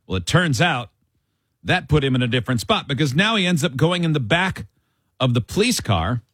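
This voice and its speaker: A man hosting a radio talk show, telling a news story in a wry, animated way. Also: a little high, fairly quick, husky, dry recording, clean studio sound.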